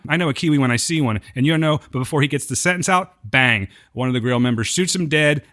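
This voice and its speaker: A male podcast co-host recaps a TV episode in a casual, joking style. His voice is mid-pitched and conversational. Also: fairly bright tone. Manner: chatty, joking, retells scenes.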